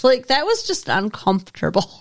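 A woman co-hosting a podcast in casual chat, blunt and quick to laugh. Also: medium pitch, wildly swooping pitch, vocal fry. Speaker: podcast co-host.

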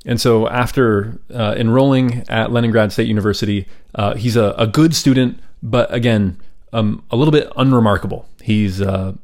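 Male podcast host with a lowish voice, relaxed history storyteller who adds chatty asides. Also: moderate pace. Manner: casual and chatty, with asides and fillers.

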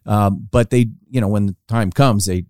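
Low, mellow man telling stories. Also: normal speed, clean tone, dry recording, studio quality. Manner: animated storytelling, acting out quoted lines with rising pitch. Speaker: podcast guest storyteller. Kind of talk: casual anecdote telling.

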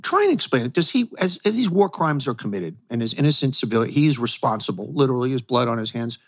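A man hosting an interview, asking long questions in an earnest, halting way. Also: mid-range voice, very animated. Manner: earnest, halting, searching for words. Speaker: host, interviewer.

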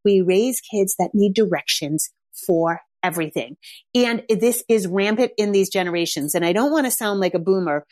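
A woman's voice: medium pitch, darkish tone, no room sound, clean studio sound. A middle-aged woman parenting coach talking casually, telling stories in a chatty way with lots of "like". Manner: chatty storytelling, frequent "like". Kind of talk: casual monologue.

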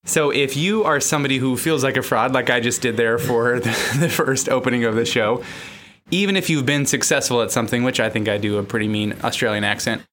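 A man's voice: medium pitch, fairly quick, fairly bright tone, a little hiss or hum. An American man hosting a podcast as a counselor, chatting casually, joking and laughing at himself. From United States. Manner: joking, self-mocking, laughs often.

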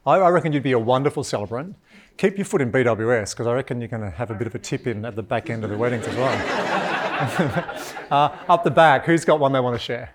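An Australian man giving a live keynote in a large hall, joking and energetic as he talks with the audience. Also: medium pitch, fast talker, crowd noise. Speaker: keynote speaker.

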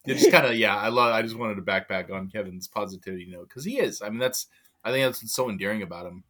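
A man's voice: fairly low pitch, fast talker, fairly bright tone. A man co-hosting a sports podcast, chatting casually and laughing his way through emotional stories. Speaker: podcast co-host.

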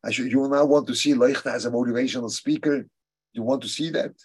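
Husky-voiced man, halting, thoughtful teacher. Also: mid-range voice, steady tone. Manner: halting and thoughtful, repeats key phrases for emphasis. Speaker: religious teacher. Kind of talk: answering students' questions in a class.

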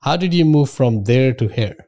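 Male host, mellow tone, affirming, steers the interview. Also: mid-range voice, lively intonation. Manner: friendly, quick to affirm, steering the talk. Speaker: podcast host. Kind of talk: interview conversation.

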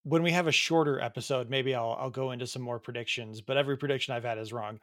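A man's voice: medium pitch, steady tone, fast talker, a bit bright, no echo, clean studio sound. A man from the United States co-hosting a podcast, chatting playfully about a TV show and laughing easily. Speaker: podcast co-host. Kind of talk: casual chat.

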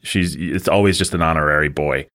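Low-voiced male co-host, casual, thoughtful and opinionated. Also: brisk, fairly bright tone. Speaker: podcast co-host. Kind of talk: casual film review chat.

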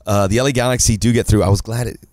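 This man co-hosts a casual sports podcast in a fairly low voice, joking around and talking animatedly with quick asides. He sounds dry and close, with no room around him. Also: fairly even intonation, a little mellow, no room sound. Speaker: podcast co-host.

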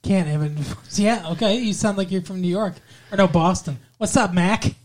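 A man's voice: sits high, moderate pace, slight background noise. A man hosting a casual podcast chat, rambling, trailing off and correcting himself as he goes. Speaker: podcast host.

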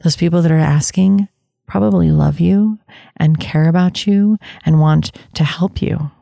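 Woman, low and mellow, slow gentle inspirational talk, dry close sound. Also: creaky, dry recording. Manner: gentle, unhurried, laughs softly between thoughts. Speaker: spiritual inspiration speaker. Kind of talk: reflective motivational talk.

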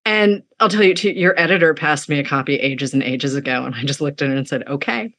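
A woman's voice: low-pitched, fairly even intonation, fast, fairly bright tone. A woman hosting an author interview, bubbly and gushing, laughing often as she chats. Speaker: podcast host interviewing authors. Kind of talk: casual interview chat.

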